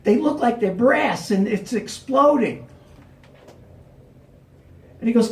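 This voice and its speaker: A man's voice: high-pitched, normal speed. A middle-aged man telling a personal story live, acting out the other people's lines. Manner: animated, acts out the cops' lines. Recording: roomy, distant mic.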